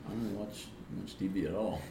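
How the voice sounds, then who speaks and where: A man's voice: low-pitched, fast, background noise. A man co-hosting a podcast in casual chat, rambling and giggly, often acting out little quotes. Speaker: podcast co-host. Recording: roomy echo.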